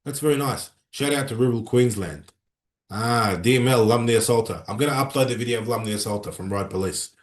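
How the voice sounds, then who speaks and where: A middle-aged man with an Australian accent hosting a casual livestream from a room in a consulate, chatting and reading out viewer comments in an animated, rambling way. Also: mid-range voice, fairly quick. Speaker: livestream host. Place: room inside a consulate building. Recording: roomy echo.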